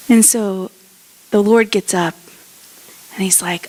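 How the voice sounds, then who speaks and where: A woman's voice: mid-range voice, fairly even intonation, moderate pace, long pauses, slightly rough. A woman pastor preaching a conversational sermon, often acting out the people in the story. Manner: conversational preaching, acts out characters' voices.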